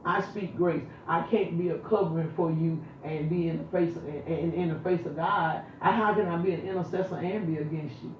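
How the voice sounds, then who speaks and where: A man's voice: on the high side, steady tone, a little fast, hardly any pauses, slight background noise. A man giving an emphatic, colloquial preaching talk on a ministry show, repeating his phrases as he presses his point. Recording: very echoey, distant, muffled room sound.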